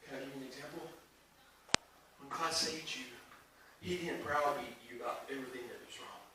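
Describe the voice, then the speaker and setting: A man's voice: mid-range voice, fairly quick. A man preaching a sermon as pastor, emphatic and conversational, acting out the voices he quotes. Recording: echoey hall, mic at a distance, faint noise.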